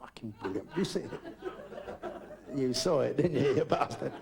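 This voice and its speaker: Gravelly, foul-mouthed older comic. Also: male voice, medium pitch, animated, moderate pace, crowd noise. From Britain. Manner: crude, rambling, swears constantly. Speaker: stand-up comedian. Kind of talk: live stand-up routine. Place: live comedy club. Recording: noisy live recording.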